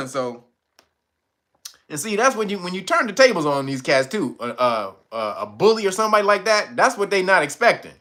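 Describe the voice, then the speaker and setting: Male host, casual commentary, lively swooping delivery, bright edge, laughs a lot. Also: high voice, moderate pace. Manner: animated, laughs often, profane slang.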